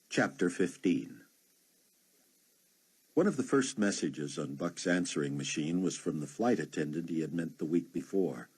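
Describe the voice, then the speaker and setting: A man narrating an unabridged audiobook in a steady storytelling manner. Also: low voice, moderate pace, husky. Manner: steady storytelling with many voiced characters.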